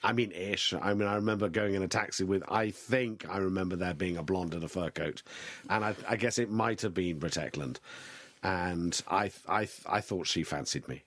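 A man being interviewed, speaking in a dry, wry and measured way about his late father. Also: deep voice, a bit bright, dry recording. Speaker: interview guest. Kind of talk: reflective interview talk.

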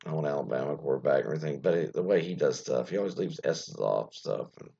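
A man's voice: extremely low pitch, fast, creaky, warm tone, slightly rough. A man hosting a radio show in casual solo talk, rambling with many fillers and salty asides. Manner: rambling, loses his thread, lots of fillers and asides; mocking, profane asides. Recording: dull lo-fi sound.

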